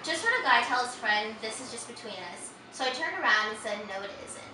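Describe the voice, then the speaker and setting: A woman's voice: fairly high pitch, lively intonation, fast. A woman interviewing a band, reading out quotes for a guessing game with a giggly, casual manner. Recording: echoey, distant, noisy room.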